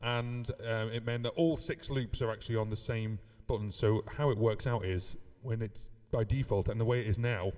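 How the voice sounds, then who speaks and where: Man, from the UK, casual live-stream music tutorial, rambling with fillers, mellow voice, long reverb. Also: on the low side, fairly even intonation, moderate pace, hardly any pauses. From United Kingdom. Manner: chatty, rambling, with many fillers and beatbox sounds. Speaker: musician teaching live looping.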